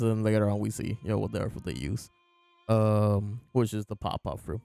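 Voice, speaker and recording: A man's voice: on the low side, moderate pace, creaky, warm tone, no echo. A man hosting a casual chapter review, retelling scenes by quoting the characters in his own voice over faint background music. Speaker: host reviewing comic chapters.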